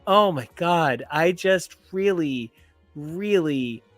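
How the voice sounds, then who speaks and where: A man's voice: fairly high pitch, animated, unhurried, fairly bright tone, no room sound, faint music behind. A man co-hosting a comic book podcast, talking in a playful, theatrical and florid way. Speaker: podcast co-host. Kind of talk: casual comic book chat.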